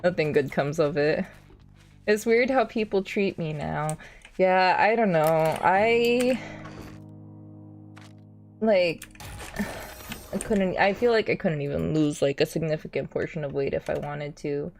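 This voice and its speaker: A woman's voice: deep voice, slow, creaky, long pauses, soft background music. Rambling young woman streamer. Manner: rambling, heavy on fillers, self-deprecating. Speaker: gaming streamer. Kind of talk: casual gaming-stream chat.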